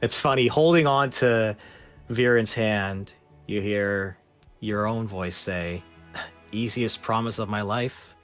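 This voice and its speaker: A man narrating as game master of a tabletop role-playing game, speaking in a hushed, measured way. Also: faint music behind. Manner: slow, low and hushed when narrating, livelier in banter.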